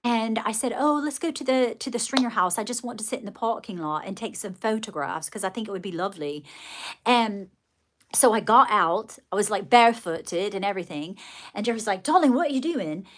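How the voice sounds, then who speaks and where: A live streamer rambles through a story to her viewers, talking to them directly in a chatty, folksy way with plenty of fillers and restarts. Her voice is medium-pitched and fairly bright, and she talks a little fast.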